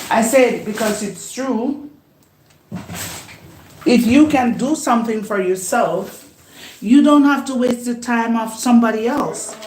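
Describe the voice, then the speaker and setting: A woman chatting at a slow, easy pace while she makes breakfast at home. She laughs often and talks herself up in a mid-range voice. The room around her sounds echoey. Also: medium pitch, darkish tone, a little hiss or hum. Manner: unhurried, laughs often, self-affirming. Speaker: vlogger. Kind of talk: casual chat while cooking. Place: home kitchen. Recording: roomy echo.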